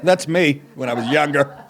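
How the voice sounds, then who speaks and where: A man's voice: fairly high pitch, normal speed, a bit bright, slight background noise. A man hosting a comedy podcast, talking in a profane, rambling, sarcastic way. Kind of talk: casual comedic podcast monologue.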